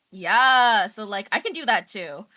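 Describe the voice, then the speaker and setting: Brief: young woman streamer, bright and animated, giggly and slangy. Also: mid-range voice. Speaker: vtuber streamer. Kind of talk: casual chat.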